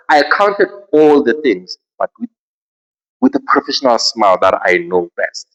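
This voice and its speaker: A South African man hosts a casual podcast and tells his story with an animated, swinging delivery. His voice sits in a middle pitch range. The recording is slightly dull and lo-fi. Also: moderate pace. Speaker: podcast host.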